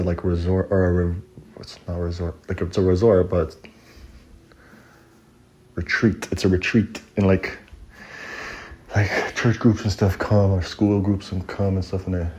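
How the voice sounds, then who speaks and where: A man's voice: sits low, dark tone, slight background noise. A man telling a personal story in a casual, rambling, slangy way, laughing at it now and then.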